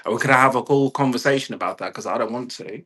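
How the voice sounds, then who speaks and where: A man's voice: medium pitch, quick pace, slightly rough. A man in a casual home vlog, ranting with lots of swearing and acting out quoted voices. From California. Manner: profane, rambling, animated quoted voices. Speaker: vlogger. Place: indoors at home with a puppy.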